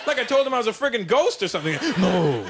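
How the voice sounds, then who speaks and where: Animated stand-up comedian, loud crowd. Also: male voice, extremely high pitch, very fast, very noisy. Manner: animated, loud, mimicking voices. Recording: live show with loud crowd.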